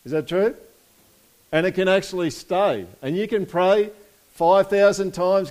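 This pastor has a high-pitched, darkish voice and talks at a normal speed. His sermon is informal and conversational, with calls for congregation responses and scripture read aloud.

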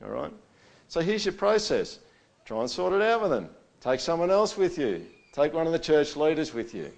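Casual male pastor, middle-aged, preaches like a chat, punchy emphasis then drops low. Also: very animated, normal speed, vocal fry. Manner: conversational, keeps asking "all right?", voice swings loud and soft. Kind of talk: sermon.

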